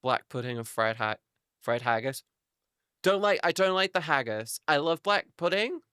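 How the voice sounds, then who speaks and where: A man's voice: on the high side, expressive, normal speed, bright, forceful tone, clear, resonant tone, no room sound, studio quality. A man chatting casually on a live stream, rambling and swearing freely as he talks to his viewers.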